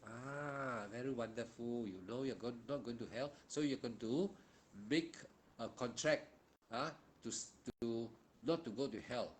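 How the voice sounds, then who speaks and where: A man with a Malaysian English accent gives meditation instructions in a loose, conversational teaching manner. He repeats key words for emphasis and sprinkles his speech with local particles. His pitch sits in an ordinary middle range for a man. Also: a little slow, a little hiss or hum.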